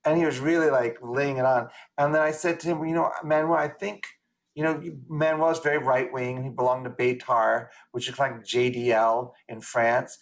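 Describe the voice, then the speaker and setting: Male rabbi, class participant, mid-pitched, earnest and quick, video-call audio. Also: steady tone. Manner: quick, earnest, opinionated with restarts. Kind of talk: discussion in an online class.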